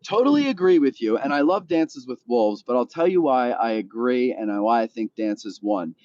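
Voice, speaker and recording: Man, live-stream host, morning voice, casual rambling chat, in a car, mid pitch, muffled lo-fi sound. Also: expressive, normal speed, a little mellow, slight background noise. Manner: easygoing and rambling, talks straight to viewers. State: still has his morning voice. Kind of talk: casual live-stream chat while driving, answering viewer comments.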